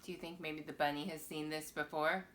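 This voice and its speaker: A woman reading a children's picture book aloud to young viewers, with a playful, expressive storytelling manner. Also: low voice, a little fast, a little hiss or hum.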